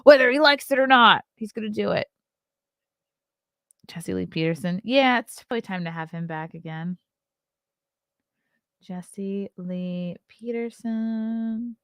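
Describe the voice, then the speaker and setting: A woman's voice: mid-range voice, expressive, normal speed, gravelly, fairly bright tone, no echo, clean studio sound. A woman in her thirties hosting a casual solo livestream, chatting, reading articles aloud and reacting to them, yawning often. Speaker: host.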